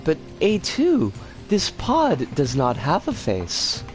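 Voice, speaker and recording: Game streamer, casual live commentary, very animated pitch, light game music. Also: slow pace. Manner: chatty, greets viewers warmly, swings pitch a lot.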